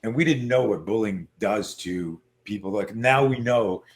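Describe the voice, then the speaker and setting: A man being interviewed as a self-defense coach, telling stories in a lively casual way and acting out what people said. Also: on the low side, normal speed. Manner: animated storyteller who acts out quoted voices; frequent fillers and restarts.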